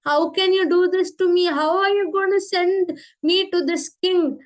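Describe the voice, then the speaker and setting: A woman's voice: very high-pitched, fairly even intonation, moderate pace. A woman voicing a frightened female cow in a children's story, begging tearfully not to be sent away.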